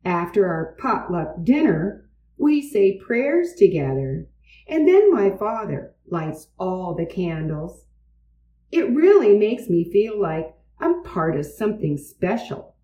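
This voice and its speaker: A woman's voice: medium pitch, very animated, slow, dull audio. A woman voicing a sincere young girl explaining something dear to her, in a storybook reading recorded in a roomy space. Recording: roomy, distant mic.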